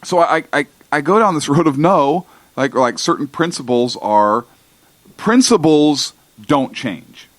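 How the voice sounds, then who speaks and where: A man co-hosting a talk radio show, arguing emphatically and slowly about principles, often restarting his sentences. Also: on the high side, expressive, no echo. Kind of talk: political talk radio discussion. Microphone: studio microphone.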